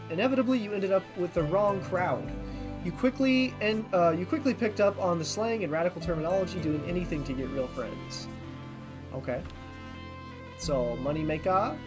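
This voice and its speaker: A streamer playing a game for the first time, reading the on-screen text aloud and thinking out loud, sometimes tripping over unfamiliar words. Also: mid-range voice, expressive, moderate pace, over music. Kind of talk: casual let's-play commentary.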